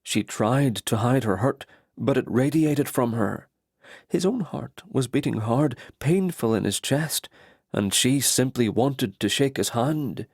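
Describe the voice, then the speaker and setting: A man narrating a romance audiobook in steady, even storytelling. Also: medium pitch, a little slow, no echo, studio quality. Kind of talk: scripted narration.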